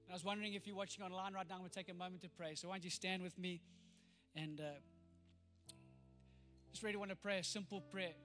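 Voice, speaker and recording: A man's voice: sits high, fairly even intonation, quick pace, pauses often, pushed and bright. A man preaching a sermon with emphatic storytelling, acting out the people in his story. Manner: emphatic storytelling, voicing quoted figures. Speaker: pastor. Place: church hall. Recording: reverberant hall with faint music.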